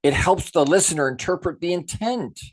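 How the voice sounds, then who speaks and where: A middle-aged man giving an animated talk on communication, stressing words and restarting as he thinks aloud. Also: sits high, moderate pace. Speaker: speaker on a podcast.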